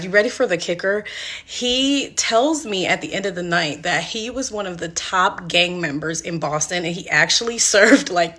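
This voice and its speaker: Chatty young woman telling a story. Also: mid-range voice. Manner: animated, chatty, addresses viewers directly. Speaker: vlogger. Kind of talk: storytime vlog.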